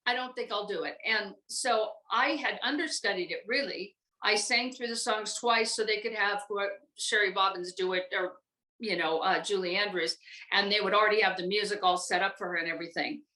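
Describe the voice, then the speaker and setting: An older American woman recalling her acting career in a relaxed, rambling chat full of fillers. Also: mid-range voice, moderate pace, reverberant, low-quality recording. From United States. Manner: chatty, rambling with many fillers. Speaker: guest voice actress. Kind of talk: casual interview chat.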